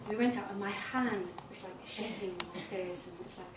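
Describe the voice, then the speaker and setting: This middle-aged tantra massage teacher delivers a candid, self-deprecating public talk in a small event space. Her medium-pitched voice moves fairly quickly, and the sound is roomy, noisy and picked up by a distant mic.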